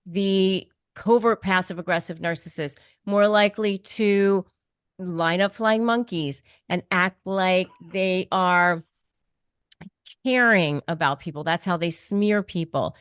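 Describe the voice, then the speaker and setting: A woman's voice: lowish voice, slow pace, fairly bright tone, clean tone, dry recording, clean studio sound. A woman hosting an advice interview, speaking emphatically and repeating her key points. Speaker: host.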